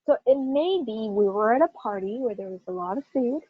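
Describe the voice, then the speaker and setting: A woman teaching pronunciation in a classroom, her voice a little high and breathy. She punches single words in her example sentences and checks in with "right?" all the time. The recording is dull and dry, with little room sound. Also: expressive, fairly quick, dry recording.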